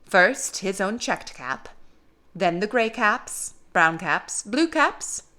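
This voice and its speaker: A young woman, a caregiver, reading a storybook aloud in a slow, gentle, expressive way. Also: medium pitch.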